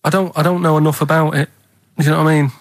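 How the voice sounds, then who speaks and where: A man's voice: on the high side, little pitch movement, fast, no room sound. A man chatting on a radio show, vague and unsure, rambling through half-remembered facts. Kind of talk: casual radio chat. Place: radio studio.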